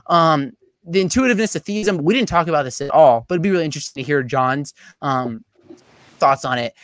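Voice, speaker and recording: A young man giving a debate closing statement over a video call, talking rapidly with many fillers and restarts. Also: a little high, lively intonation, a bit bright, no echo. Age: young adult.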